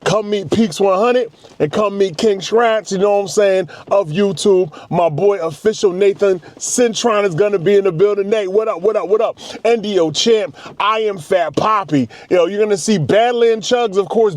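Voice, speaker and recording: A man with a somewhat high voice reviews fast food in a casual video. He talks in a hyped, slangy way and drops playful rhymes. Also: dry recording.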